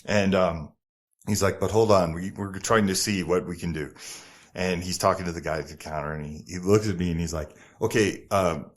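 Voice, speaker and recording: A middle-aged man with a New Jersey accent, a podcast guest telling a story in a lively, profane way and acting out other people's lines. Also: deep voice, moderate pace. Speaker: podcast guest, former model. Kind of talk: casual storytelling interview.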